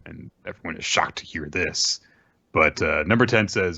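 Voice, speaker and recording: A man's voice: low voice, normal speed, gravelly, husky, no room sound, lo-fi sound. A man hosting a podcast, casually and animatedly recapping a manga chapter. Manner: animated retelling, drops into character voices. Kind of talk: casual chat.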